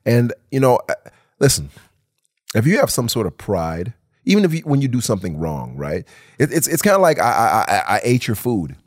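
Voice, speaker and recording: Emphatic animated man on a podcast. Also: medium pitch, moderate pace. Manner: animated, emphatic, swears, acts out quoted voices. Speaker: podcast co-host. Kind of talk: casual podcast discussion.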